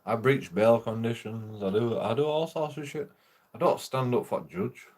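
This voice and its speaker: A man's voice: medium pitch, normal speed, darkish tone. A young man chats loosely and swears freely. He rambles from one story to the next, laughing as he goes, in a casual streaming talk. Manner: sweary, rambling, laughs through his stories.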